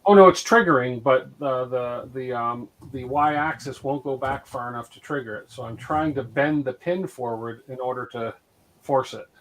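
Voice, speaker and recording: A man's voice: mid-range voice, normal speed, fairly bright tone, poor audio. A man chatting casually on a maker hangout, thinking aloud while he works on a 3D printer.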